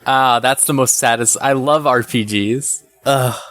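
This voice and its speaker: A man's voice: medium pitch, a little slow, fairly bright tone, no echo. A man co-hosting a casual gaming podcast, teasing the others and laughing easily. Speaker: podcast co-host.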